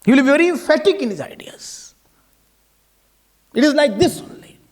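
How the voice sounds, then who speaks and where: A man's voice: very high voice, animated, moderate pace. A man with an Indian English accent giving a sermon as a swami, repeating key phrases for emphasis and slipping Hindi words into his English. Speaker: swami giving a spiritual talk.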